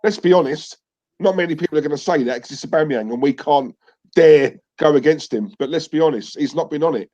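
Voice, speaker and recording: A man's voice: a little high, brisk, dark tone. A man hosting a casual football chat, talking frankly, sighing and saying "let's be honest" again and again. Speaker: fan channel host. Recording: dull, lo-fi sound.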